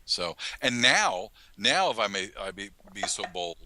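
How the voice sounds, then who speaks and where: Bright-voiced, self-mocking man, halting chat. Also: fairly low pitch, big pitch swings, a little hiss or hum. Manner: halting, self-mocking, laughs often mid-sentence. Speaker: writer and creator of an audio drama, podcast guest. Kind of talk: casual podcast chat.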